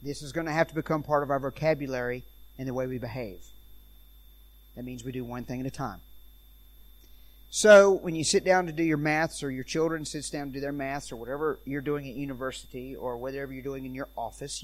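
A man preaching in a church, telling animated stories and acting out the people in them. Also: mid-range voice, fairly quick. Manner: animated storyteller, acts out quoted voices. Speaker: traveling preacher and speaker on parenting.

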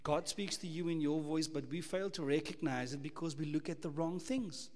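South african preacher, high voice, emphatic sermon, big echoey church hall. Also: male voice, moderate pace. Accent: South African English. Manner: emphatic, rhetorical questions, shifts between loud and hushed.

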